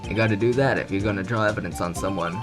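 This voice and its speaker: A man voicing a gloomy, laid-back Texan cowboy patrolman in a slow, poetic drawl, over game music. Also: on the low side, natural voice.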